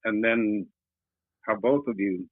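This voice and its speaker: A man's voice: on the low side, slow pace, no room sound. Elderly man, casual guest storyteller who chuckles, heard over a phone line. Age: 70s. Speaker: guest, host's uncle. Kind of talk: casual chat. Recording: tinny phone line, dry.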